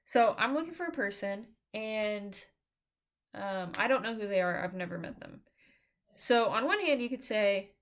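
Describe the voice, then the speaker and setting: A woman lecturing on philosophy in a casual, hesitant way, often pausing with fillers and correcting herself, and audibly out of breath. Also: mid-range voice, lively intonation, a bit bright, slight background noise. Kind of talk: informal recorded lecture.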